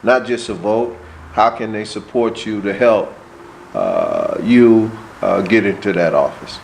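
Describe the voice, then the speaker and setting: Man interviewer, somewhat low voice. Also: very animated, a little slow, vocal fry, slight background noise, rough recording. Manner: long, winding questions with fillers and repeated words. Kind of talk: interview questions.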